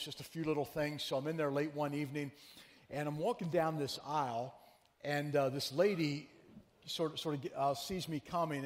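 A man preaching a sermon as pastor, telling a story in a chatty, animated way and teasing his congregation. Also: fairly high pitch, big-room sound. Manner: conversational, animated storyteller who teases the congregation. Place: church sanctuary.

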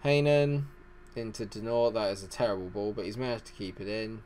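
A man's voice: on the low side, fairly quick, darkish tone, a little hiss or hum. A man hosting a gaming channel, giving rambling, self-deprecating let's-play commentary.

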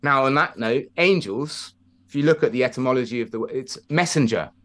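A man's voice: medium pitch, fairly quick, a bit bright. A man, hosting a casual chat and telling reflective stories with frequent restarts. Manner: rambling, reflective, many restarts.

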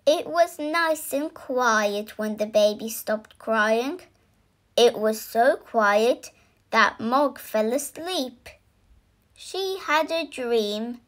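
A woman reading a children's picture book aloud, slow and expressive, lifting into little voices for the characters. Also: a little high. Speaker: storybook reader.

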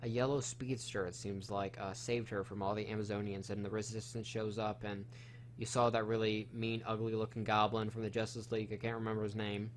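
A man's voice: on the low side, flat delivery, fairly quick, slight background noise. A man hosting a casual film review chat, retelling the plot in a rambling, profane way with lots of fillers.

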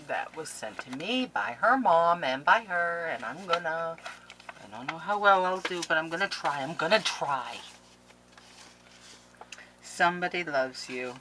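A middle-aged woman, opening mail on camera in a casual vlog, gushing and excitable. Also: low-pitched, noisy background. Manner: gushing, excitable, laughs and gasps often. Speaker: crafting vlogger.

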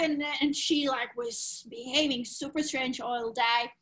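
A woman, a podcast guest frankly telling a personal story in animated, loose English. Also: sits high, a little slow, low-quality recording. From Ukraine. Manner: animated, frank, swears casually, non-native grammar.

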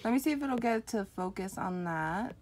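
A young woman unboxing an album on camera, gushing and giggling with lots of excited exclamations. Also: mid-range voice, moderate pace, slight background noise. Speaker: unboxing vlogger. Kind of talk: excited casual unboxing chat.

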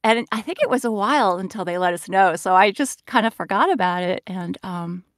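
A woman voice actor chatting as a panel guest, bubbly and quick to laugh, on a remote call. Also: mid-range voice, dry recording. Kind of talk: casual panel chat.

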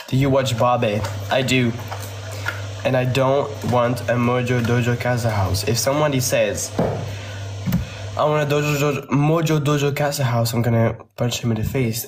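A man's voice: medium pitch, fairly even intonation, a little slow, background noise. Young Flemish man chatting on a livestream. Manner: chatty, rambling, cursing, with frequent laughs. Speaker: livestreamer answering viewer questions. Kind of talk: casual livestream chat.

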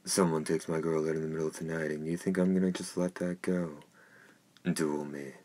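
A man playing a jealous young hothead spoiling for a fight. The voice stays very deep and flat with a husky grain, an audiobook reading more than a performance. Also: fairly quick. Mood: challenging. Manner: spiteful, challenging.

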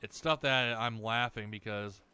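Man, let's play host, bright crisp voice, close dry mic, sweary ranting. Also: unhurried. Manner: profane, ranting, mocking others in shrill voices. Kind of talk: angry rant over gameplay.

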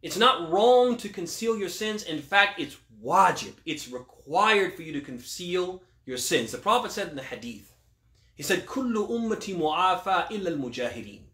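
Imam guy doing q&a, lively up-and-down voice, fires off arabic quotes, roomy echo. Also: high voice. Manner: asks rhetorical questions and answers them; quotes Arabic scripture quickly. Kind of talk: religious Q&A talk. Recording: echoey room.

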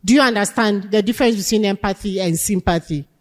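A woman's voice: mid-range voice, quick pace. A woman teaching a leadership class, emphatic and asking her students questions. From Ghana. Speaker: lecturer. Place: lecture hall. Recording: long hall reverb.

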